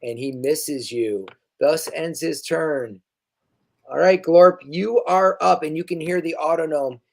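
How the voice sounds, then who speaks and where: Casual woman game master, slightly low. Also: gravelly, darkish tone. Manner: quick, casual, with fillers and self-corrections. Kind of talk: narrating a tabletop game.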